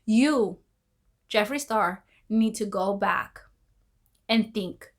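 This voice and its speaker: A woman's voice: medium pitch, very slow, long pauses. A woman vlogging casual commentary, rambling, repeating herself and exclaiming as she goes.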